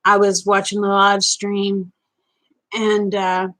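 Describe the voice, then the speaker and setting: A woman's voice: mid-range voice, monotone, takes it slowly, fairly bright tone. A woman chatting casually with viewers on a live stream, folksy and talkative. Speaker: vlogger.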